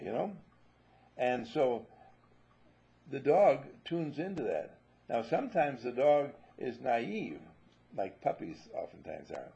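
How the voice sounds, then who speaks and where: Gravelly, husky man giving a spiritual talk. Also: medium pitch, sing-song, slow, pauses often, mellow, muffled recording. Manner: musing, storytelling, repeats himself. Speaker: spiritual teacher.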